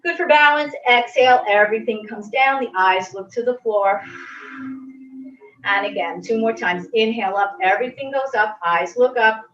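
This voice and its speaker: A woman fitness instructor calmly guiding a stretching class with gentle, reassuring cues. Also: a little high, normal speed. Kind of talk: guided exercise instruction. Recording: roomy, distant, dull audio.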